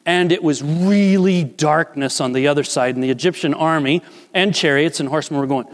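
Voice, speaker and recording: A man preaching a sermon, animated and playful, acting out short voices of characters as he teaches. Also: on the high side, a little fast, long reverb tail. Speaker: pastor.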